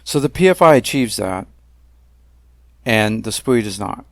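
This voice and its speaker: A man narrating a slideshow about a dispute, talking in a deliberate, emphatic way with frequent pauses and fillers. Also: on the low side, expressive, dry recording, studio quality. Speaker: narrator of a self-made video complaint series.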